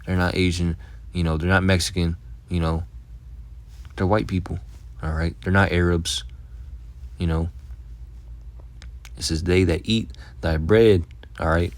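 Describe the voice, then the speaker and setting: With a low-pitched, flat delivery and no echo, a Bible teacher leads a blunt, casual lesson. Swear words come easily, "all right" and "man" fill each pause, and he reads the scripture slowly and deliberately.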